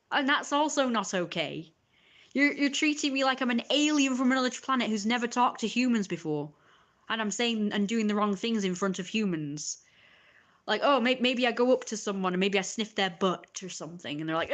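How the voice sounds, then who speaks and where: Indignant and sarcastic, a woman rants to her stream at mid pitch. She rambles, laughs at her own jokes, and coughs now and then. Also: moderate pace. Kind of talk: casual ranting monologue.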